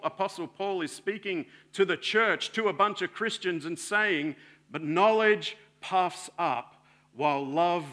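A man preaching a sermon in an earnest way, swelling louder and then sinking soft and low.

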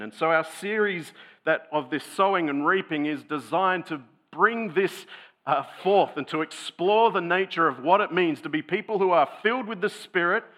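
A man's voice: mid-range voice, a bit bright. A man preaching a sermon in a conversational, thoughtful teaching tone. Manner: conversational, thoughtful teaching tone with occasional light laughs.

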